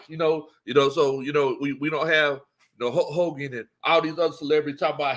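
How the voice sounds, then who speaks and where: Male stream host, higher voice, lively, laughs a lot, greets viewers by name. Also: quick pace. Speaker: sports talk host. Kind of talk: casual live-stream chat.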